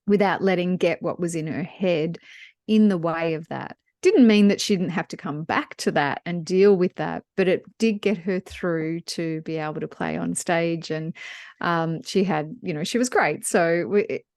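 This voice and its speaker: Low-voiced storytelling woman, dry sound. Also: moderate pace, no echo. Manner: warm storyteller, animated when retelling scenes. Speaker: podcast co-host. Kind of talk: casual business podcast chat, storytelling.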